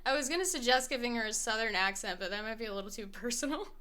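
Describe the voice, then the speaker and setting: Bright-voiced, rambling young woman streamer. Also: a little high, quick pace. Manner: swearing, laughing, rambling with many fillers. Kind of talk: casual game commentary. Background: faint music playlist.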